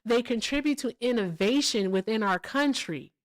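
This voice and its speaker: A woman's voice: fairly high pitch, expressive, moderate pace. Emphatic, profane woman livestream host. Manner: emphatic, keeps asking "all right?" and "okay?"; blunt and profane. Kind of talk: casual livestream chat and commentary.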